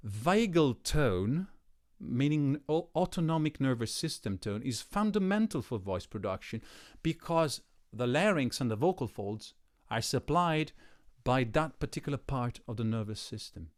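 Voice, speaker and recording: A man who gives voice workshops, explaining a concept in a reflective, emphatic way, slowing down and speeding up to stress his points. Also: medium pitch, lively intonation. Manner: reflective, emphatic, with varied pace and pauses. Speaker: voice coach. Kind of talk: explanatory talk to camera.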